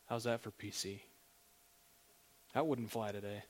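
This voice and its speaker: A man preaching a sermon as a pastor, talking in a relaxed, conversational way and asking the listeners direct questions. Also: fairly low pitch, unhurried, pauses often.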